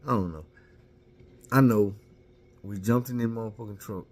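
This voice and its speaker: A man's voice: fairly low pitch, moderate pace, a little mellow. A man casually telling a candid, profane story about himself and mocking his own mistakes.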